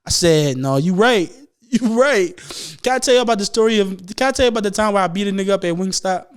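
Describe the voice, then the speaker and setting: A man's voice: high voice, rapid-fire, smooth. A young man telling a long, profane, laughing story on a casual podcast. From Philadelphia. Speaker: podcast host.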